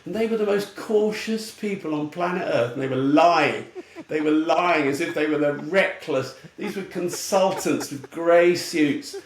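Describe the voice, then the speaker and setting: Man from England, gravelly voice, animated and blunt, echoey room with faint noise. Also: on the high side, measured pace, hardly any pauses. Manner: animated, blunt, laughs while telling stories. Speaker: guest, retail futurist. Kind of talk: casual storytelling interview.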